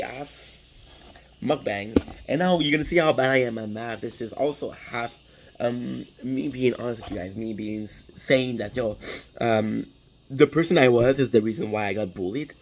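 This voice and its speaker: A man's voice: medium pitch, poor audio. Rambling, profane young man telling a story. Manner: rambling, profane, frequent restarts. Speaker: vlogger. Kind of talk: casual storytelling while eating.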